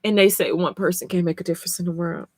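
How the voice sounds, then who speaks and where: A woman's voice: fairly low pitch, fairly even intonation, fast. Emotional swearing woman reading comics live. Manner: emotional, blunt, swears freely. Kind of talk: live reading and reaction stream.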